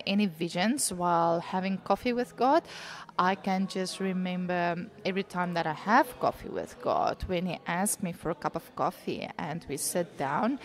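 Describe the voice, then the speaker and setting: Earnest woman talking heartfelt faith. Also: on the low side. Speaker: co-host. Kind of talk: casual faith chat. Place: coffee shop.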